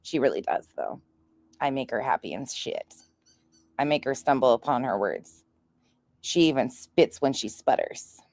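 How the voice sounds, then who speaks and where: A woman's voice: a bass voice, big pitch swings, normal speed, darkish tone. A woman hosting a commentary stream, chatting casually and crudely, mocking others and laughing as she talks.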